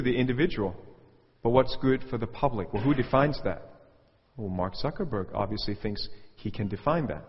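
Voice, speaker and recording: A man preaching a sermon with commentary, animated, and he mocks the quotes he reads in a raised voice. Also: mid-range voice, normal speed, husky. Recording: dull audio with long hall reverb.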